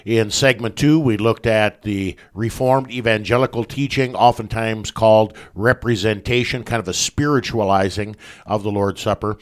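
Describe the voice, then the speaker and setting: A man's voice: on the low side, fairly even intonation, moderate pace, few pauses. A man hosting a religious talk show, reading a long quote aloud and asking his guest questions. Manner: earnest, reads quotes aloud. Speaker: host. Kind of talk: radio talk show discussion.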